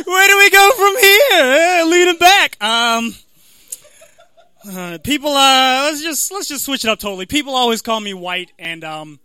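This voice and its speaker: High, bright-voiced young comic. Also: male voice, smooth, no echo. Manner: halting, self-deprecating with many fillers. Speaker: stand-up comic. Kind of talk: stand-up comedy.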